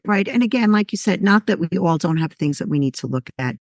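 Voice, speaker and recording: A woman's voice: fairly low pitch, lively intonation, fast, darkish tone, dry recording, studio quality. A woman in a podcast conversation who explains steadily and often answers with brief agreement. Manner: affirming, brief backchannels, explanatory.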